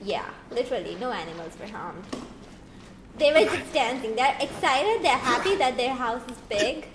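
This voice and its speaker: A young woman streamer gives playful, teasing commentary with sudden excited exclamations. Her high, bright voice swings widely in pitch at a relaxed pace. The sound is roomy, with a faint hum of ambience behind her. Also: moderate pace. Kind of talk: casual gameplay commentary.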